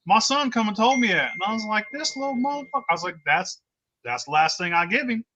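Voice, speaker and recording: A man's voice: sits high, animated, fairly quick, noisy background. A man, the host, telling a story in a casual chat, blunt and profane.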